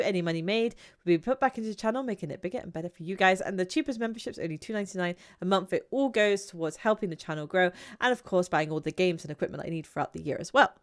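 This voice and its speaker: Chatty woman rambling through a review. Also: fairly low pitch. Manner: chatty, rambling, animated, frequent laughs and restarts. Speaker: YouTube channel host. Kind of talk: casual spoken film review.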